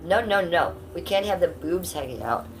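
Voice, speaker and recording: A woman's voice: lowish voice, lively intonation, normal speed, slight background noise. A middle-aged woman from Ohio chatting casually on a live stream, blunt and profane, reading out and answering her chat. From Cleveland, Ohio, USA.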